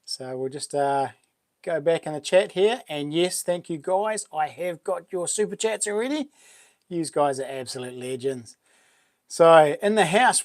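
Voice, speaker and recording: A New Zealand man greets his livestream chat with "buddy" and "mate," his tone casual and upbeat. His voice is a little high and expressive, and he speaks unhurriedly. The sound is clean studio audio with no echo.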